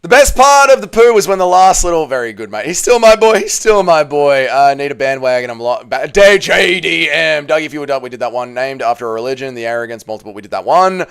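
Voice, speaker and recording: Man, livestream host, casual chat, emotional, repetitive, swears, smooth tone. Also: lively intonation, fast talker, hardly any pauses, a bit bright. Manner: emotional, repeats himself, swears, rises in pitch when upset.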